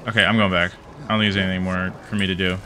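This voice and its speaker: A man's voice: low voice, level tone, racing, pushed and bright, slight background noise. A man casually commenting on his gameplay as a video host, goofy and rambling, swearing and laughing as he plays.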